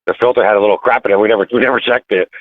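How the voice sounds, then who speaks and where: A man calling in as a guest racer, talking in halting, filler-heavy bursts over the phone. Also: lowish voice, fairly even intonation, no room sound. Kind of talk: casual phone interview. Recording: tinny phone line, dry.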